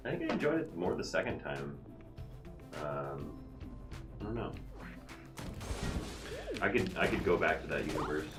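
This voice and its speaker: A man's voice: a bass voice, big pitch swings, normal speed, long pauses, roomy sound, music in the background. A man chatting casually with a friend during a let's play, laid-back and joking in short remarks.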